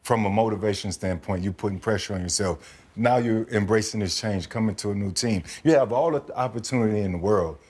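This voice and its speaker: A man with a low voice hosts a podcast interview. He builds his questions slowly and leans on the words he wants to stress. He sometimes trips over a word and repeats it before pressing on. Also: a little mellow. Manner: deliberate, emphatic questioning with stumbles. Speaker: podcast host.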